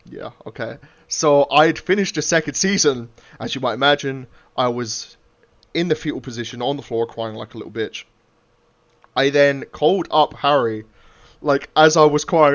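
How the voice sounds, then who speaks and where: A man's voice: a little high, normal speed. A man hosting a podcast in casual chat; he swears freely and acts out quotes. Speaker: podcast host. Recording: muffled lo-fi podcast audio.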